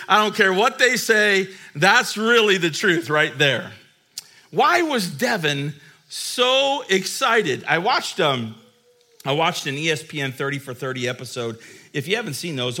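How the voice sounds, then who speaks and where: A middle-aged father telling a story to camera in an animated, chuckling, emphatic way. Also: fairly high pitch.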